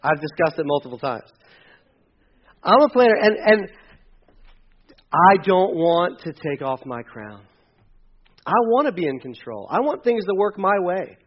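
A middle-aged male pastor preaching a sermon in an animated, conversational way, with humor. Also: sits high, a little slow, pauses often, lo-fi sound.

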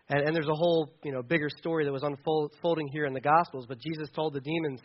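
A man's voice: a little high, fairly even intonation, fast, hardly any pauses, highs cut off. A man preaching a conversational sermon as a pastor, casual and chatty, often restarting his sentences with fillers.

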